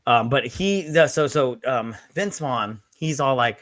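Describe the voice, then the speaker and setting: A man co-hosting a loose, tipsy movie review, retelling scenes in a rambling way and dropping into quick quoted lines with swearing. His voice is bright and forceful at a middle pitch. The sound is close and dry. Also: dry recording. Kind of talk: casual drunk movie review chat.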